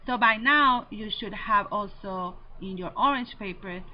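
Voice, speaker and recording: A woman Spanish teacher giving a recorded lesson, slowly and deliberately drilling verb endings. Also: medium pitch. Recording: slightly dull lo-fi audio with faint noise.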